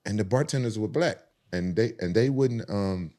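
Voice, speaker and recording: A man's voice: on the low side, normal speed, mellow. A man from the South, telling a rambling, profane story with frequent restarts on a casual podcast. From Southern United States.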